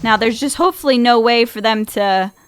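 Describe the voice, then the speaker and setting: A woman's voice: on the high side, a little fast. A young woman streaming a card game in chatty, think-aloud commentary with frequent laughter. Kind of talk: casual gameplay commentary.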